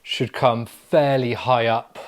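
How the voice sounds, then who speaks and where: A man co-hosting a podcast, an estate agent who talks in a relaxed, reflective way in a living room. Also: mid-range voice, takes it slowly. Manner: relaxed, reflective, builds points with lists. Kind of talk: casual conversation.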